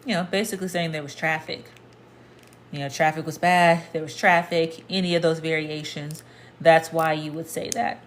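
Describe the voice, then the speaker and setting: A woman with a fairly low voice teaches a relaxed language lesson. She explains each point patiently and goes over it again, talking straight to the viewer. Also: normal speed, a little hiss or hum. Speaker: Spanish teacher.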